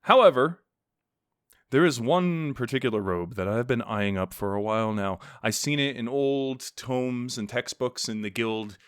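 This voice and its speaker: A man's voice: on the low side, clear, resonant tone, no echo, clean studio sound. A man co-hosting a podcast, chatting playfully in character with a rambling, restarting delivery. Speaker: podcast co-host. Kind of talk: in-character casual chat.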